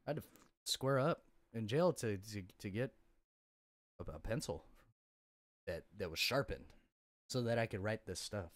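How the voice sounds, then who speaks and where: A man's voice: fairly low pitch, lively intonation, moderate pace, long pauses, dry recording. A young man in casual podcast conversation, telling his story bluntly with lots of profanity and fillers. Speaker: podcast guest.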